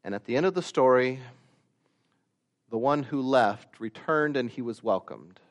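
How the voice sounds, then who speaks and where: A man preaching a sermon, slow and deliberate, rising to loud emphatic peaks and dropping to quiet asides. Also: medium pitch, lively intonation. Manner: slow, deliberate delivery with long pauses.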